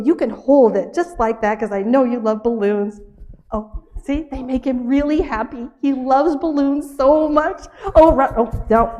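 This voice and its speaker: Woman, children's story with a puppet at church, lively and laughing, a touch high. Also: measured pace. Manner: animated and laughing, scolding and coaxing.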